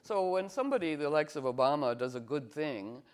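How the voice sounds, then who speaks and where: A man's voice: a little high, animated, brisk. A man giving an informal spiritual talk as a teacher, telling playful stories and acting out the voices of people he quotes.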